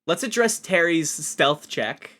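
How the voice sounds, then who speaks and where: An animated man runs a tabletop game as game master. His voice rises and falls freely, and the tone is bright. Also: a little high. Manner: animated, switches between voices quickly. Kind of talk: narrating a tabletop zombie game.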